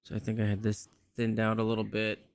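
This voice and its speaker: A livestreaming man talks fast in a fairly low, clear, resonant voice, muttering to himself with a completely flat delivery while he tweaks his mic settings. It's casual streaming chat, recorded dry.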